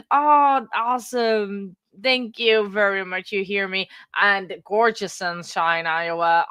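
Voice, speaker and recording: A woman's voice: mid-range voice, fairly bright tone, no room sound, clean studio sound. Chatty woman host greeting viewers. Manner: chatty, emotional, greets viewers by name, many fillers. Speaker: livestream host. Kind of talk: casual livestream chat. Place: home room. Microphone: computer mic.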